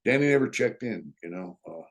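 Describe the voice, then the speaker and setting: A man's voice: lowish voice, animated, fairly quick. A middle-aged man casually telling stories from his years in prison, laid-back and full of "you know" and "uh", with blunt street slang and chuckles. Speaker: storyteller, former prisoner. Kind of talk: casual storytelling.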